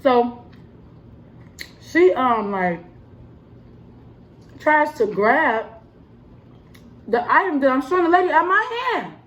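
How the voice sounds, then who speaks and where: A young woman telling a story in a casual, animated vlog style, emphatic and full of fillers. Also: high voice, takes it slowly, pauses often, muffled recording. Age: young adult. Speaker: vlogger and cosmetics counter worker.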